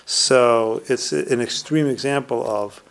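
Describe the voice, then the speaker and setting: Male Torah teacher, gravelly mid-range voice, retells Talmud stories and often trails off quietly. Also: medium pitch, takes it slowly. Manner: retells Talmud stories, reciting Hebrew and Aramaic phrases and then translating. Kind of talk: recorded Torah class on humility.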